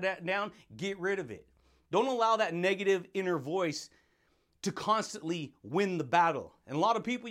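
A man's voice: sits high, a bit bright. A man hosting a motivational podcast, hyped and slangy, laughing often and calling listeners baby and dude. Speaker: podcast host.

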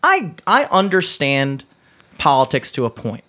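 A young man with a fairly high voice talking in a casual podcast chat. He rants with energy, swears freely and speeds up when worked up. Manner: animated, swearing, fast rants.

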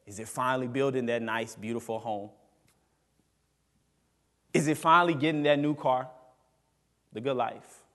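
A man preaching a sermon as pastor, emphatic, swinging between loud rises and quiet drops. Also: medium pitch, normal speed, long pauses, in a large hall. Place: church sanctuary.

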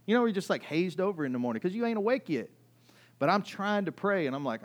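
A middle-aged male pastor preaching a conversational, animated sermon that builds in intensity. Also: fairly high pitch, fast talker.

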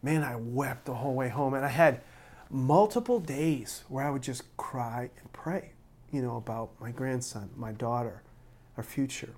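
A man's voice: mid-range voice, normal speed, a little mellow. A middle-aged man, a pastor preaching a sermon, telling personal stories in an earnest, emotional way with frequent restarts.

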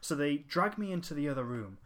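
A man's voice: on the high side, big pitch swings, fairly quick, a bit bright. A man in casual podcast chat, telling a long story with lots of fillers and restarts. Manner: rambling anecdote with fillers and restarts. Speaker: podcast co-host.

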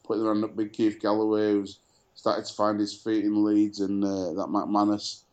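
A man's voice: fairly low pitch, completely flat delivery, normal speed, darkish tone, muffled recording. A man co-hosting a casual sports chat show, telling stories full of fillers and restarts. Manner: chatty storyteller, many fillers and restarts. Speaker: podcast co-host.

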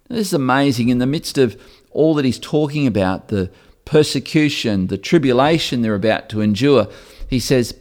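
A man's voice: lowish voice, moderate pace, darkish tone. A man preaching a sermon, earnest and repeating phrases for emphasis, often stammering over a word before going on. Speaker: pastor. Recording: long reverb of a large hall.

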